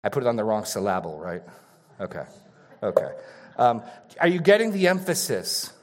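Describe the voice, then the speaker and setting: A male pastor preaching an expository sermon, repeating key phrases and swinging between raised emphasis and hushed asides. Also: fairly low pitch, sing-song, moderate pace.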